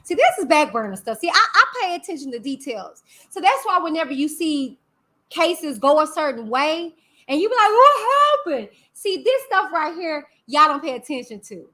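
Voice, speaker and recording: A woman's voice: sits high, sing-song, moderate pace, a bit bright. A woman hosting a casual live-stream commentary, sassy and chatty, talking back to her chat. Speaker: YouTube host.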